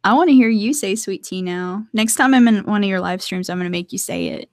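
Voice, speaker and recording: A woman's voice: mid-range voice, brisk, dry recording, studio quality. A young adult woman chatting casually to viewers on a live stream from her art desk at home, laughing often.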